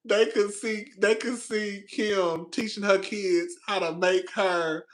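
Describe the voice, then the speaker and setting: A man's voice: high-pitched, slow pace. A man talking to his viewers in a casual gossip vlog from his apartment, laughing often and swearing, repeating lines as he tells a story. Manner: laughing, animated, profane, repeats himself. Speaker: commentary vlogger.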